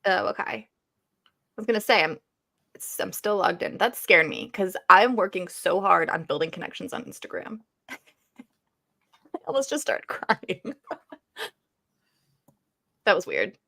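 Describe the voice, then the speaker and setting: A woman's voice: mid-range voice, expressive, measured pace, gravelly, long pauses, sharp tone. A woman co-hosting a casual livestream, chatty, laughing and swearing easily. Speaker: co-host of a livestream.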